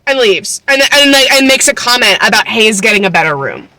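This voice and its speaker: A woman's voice: on the high side, expressive, a little fast, bright, forceful tone. A woman in her twenties recapping a book casually, chatty and incredulous, full of fillers and swearing. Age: 20s. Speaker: book vlogger.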